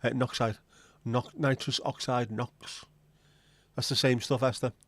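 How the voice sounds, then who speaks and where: A man hosts a casual livestream in an easygoing, middle-pitched voice. He rambles through jokes and banter aimed straight at his viewers. The sound is dry and close, with no room echo. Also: flat delivery, measured pace, fairly bright tone. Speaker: livestream host.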